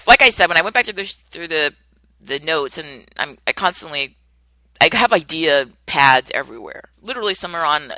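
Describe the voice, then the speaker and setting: A woman hosting a solo podcast as a coach, talking in an animated way and acting out the people she quotes with big exclamations. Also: deep voice, rough recording.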